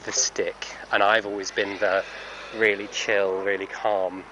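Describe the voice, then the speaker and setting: A man's voice: lowish voice, little pitch movement, measured pace, background noise. A man training a horse who talks casually and thoughtfully in a vlog, rambling with many fillers and correcting himself as he goes.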